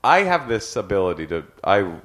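A man, a film director, telling a story as a podcast guest, animated, breaking into shouted impressions. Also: on the low side, brisk. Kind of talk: casual storytelling chat.

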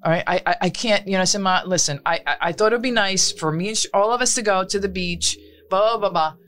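A woman's voice: mid-range voice, quick pace, slight background noise. A middle-aged woman, telling a long story in casual chat and acting out what others said. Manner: animated storytelling, acts out quotes.

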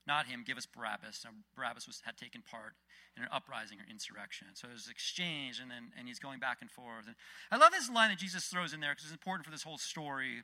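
A man giving a casual, conversational sermon with Bible readings and lively retellings. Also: mid-range voice, fast. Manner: conversational, animated, frequent restarts. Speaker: preacher.

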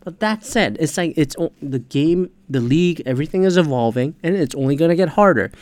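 A man's voice: a little high, lively intonation, fairly quick, darkish tone, no echo. A man hosting a podcast, ranting in a casual, heated, profanity-laced monologue. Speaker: podcast host.

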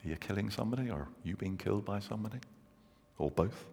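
A man, preaching a sermon and telling stories, slowing down for emphasis. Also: on the low side, animated, gravelly, mellow, slightly rough. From England. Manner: earnest storytelling, slows down for emphasis. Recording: long reverb of a large hall.

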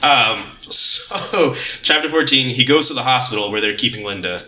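A man co-hosting a casual book discussion, animated and swearing, acting out characters' lines as he retells the story. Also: medium pitch, normal speed, roomy sound, a little hiss or hum. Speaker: podcast co-host discussing a novel. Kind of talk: casual book-club chat.

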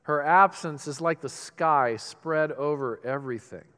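A man preaching a sermon with dramatic pauses and rising emphasis. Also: on the high side, a bit bright, clear, resonant tone. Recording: reverberant hall.

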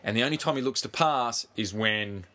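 A man co-hosting a casual sports podcast, animated, swearing freely and pushing on through interruptions. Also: medium pitch, brisk. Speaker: podcast co-host.

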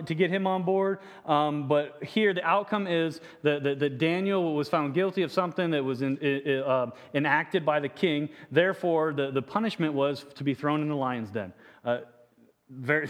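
A man's voice: a little high, in a large hall. A man preaching a sermon as pastor, stumbling and repeating words, reading scripture aloud and asking the congregation questions.

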